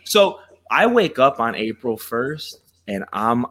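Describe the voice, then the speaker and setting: A man co-hosting a podcast, chatting casually, animated and joking with slang. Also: medium pitch, slow pace. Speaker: podcast co-host. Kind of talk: casual chat.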